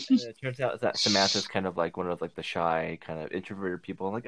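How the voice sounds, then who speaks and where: A man's voice: low-pitched, a little fast, hardly any pauses, very noisy. A man co-hosting a casual movie review podcast, retelling the plot with lots of fillers. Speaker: podcast co-host.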